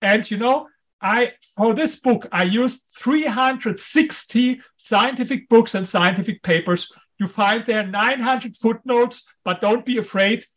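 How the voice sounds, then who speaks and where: A man speaking English with a strong German accent, a guest author on an interview show. His voice sits fairly high for a man, and he hammers home his points, often repeating the key ones. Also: unhurried, fairly bright tone.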